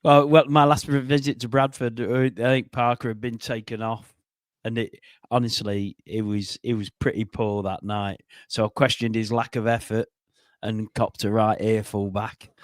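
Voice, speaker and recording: A man's voice: on the low side, level tone, normal speed, no echo, studio quality. A man on a football podcast panel, jokey and telling anecdotes with gusto. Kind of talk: casual football podcast chat.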